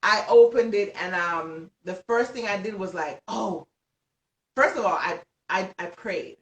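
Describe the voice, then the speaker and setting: An excitable woman tells a story with lots of energy, at times laughing and shouting. Her voice sounds set back from the mic and echoes around a roomy space. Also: medium pitch, unhurried, far from the mic. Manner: animated, breaks into laughs and shouts when excited. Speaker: guest author. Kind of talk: excited storytelling on a live stream.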